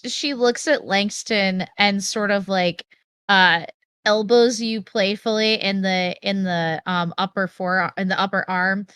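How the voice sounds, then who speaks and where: A woman's voice: mid-range voice, steady tone, a little slow, a bit bright, clear, resonant tone, no room sound, clean studio sound. A woman playing in a tabletop game, giggly as she describes her character's actions. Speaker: player. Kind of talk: tabletop game play, casual.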